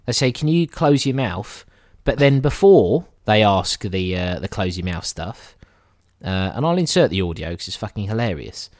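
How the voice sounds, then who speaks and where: A man's voice: sits low, big pitch swings, normal speed, darkish tone, dry recording, studio quality. A man co-hosting a podcast, chatting casually about films, laughing often and swearing with rambling asides. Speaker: podcast co-host reviewing films. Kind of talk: casual chat.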